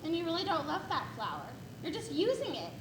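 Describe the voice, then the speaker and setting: An actress playing a curious young woman who asks quick, probing questions. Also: extremely high pitch, wildly swooping pitch, exaggerated voice. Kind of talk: stage play. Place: echoey theater stage. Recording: echoey stage recording with background noise.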